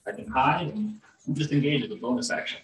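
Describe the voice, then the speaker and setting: A man's voice: mid-range voice, expressive, fairly quick, far from the mic. A man with a mid-range voice speaks offhandedly as a tabletop game player, half mumbling his turns. The echoey room colors his voice. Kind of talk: casual tabletop game play. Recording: roomy echo.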